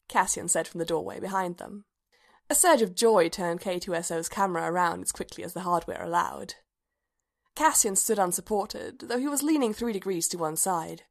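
A woman's voice: fairly low pitch, moderate pace, vocal fry. Woman narrating a story evenly. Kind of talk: audiobook narration.

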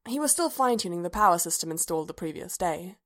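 A woman narrating a story aloud in a calm, even voice. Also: fairly low pitch, fast talker. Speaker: story reader. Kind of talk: scripted narration.

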